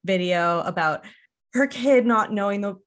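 A woman's voice: medium pitch, unhurried. Chatty woman podcast host. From Quebec. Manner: chatty, laughs often, lots of likes. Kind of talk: casual chat.

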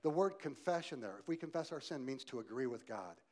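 A male pastor preaching a sermon, swinging from loud emphasis to quiet softness and asking the congregation direct questions. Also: mid-range voice, expressive, brisk.

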